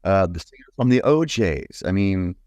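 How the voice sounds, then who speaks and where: A baritone man from New York, a guest musician talking in a casual, rambling, enthusiastic way with many fillers. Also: animated, moderate pace, darkish tone, no room sound, studio quality. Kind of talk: casual interview chat.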